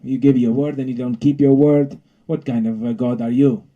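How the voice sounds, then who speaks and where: A man voicing a small, stubborn female bee who talks in a shrill, insistent, quick way. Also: steady tone, narrow, tinny audio, natural voice. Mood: indignant.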